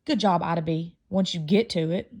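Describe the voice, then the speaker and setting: A woman reading aloud, voicing a patient mother who gently coaxes her daughter through a homeschool lesson. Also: fairly low pitch, normal speed, lightly acted. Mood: exasperated.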